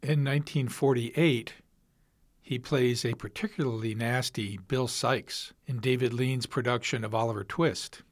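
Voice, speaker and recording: A man narrating a documentary in a plain, even way, reading sources aloud. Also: mid-range voice, unhurried.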